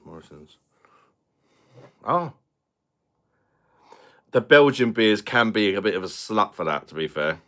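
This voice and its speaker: Chatty deep-voiced British man streaming. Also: fairly bright tone. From London. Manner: chatty, swears, reads out viewer comments. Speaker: beer review channel host. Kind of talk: casual live-stream chat.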